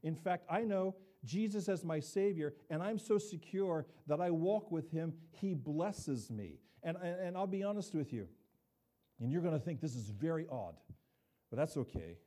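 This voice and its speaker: A man's voice: fairly high pitch, lively intonation, moderate pace, mellow. An older man preaching a sermon as pastor, talking conversationally and often checking in with the congregation with asides.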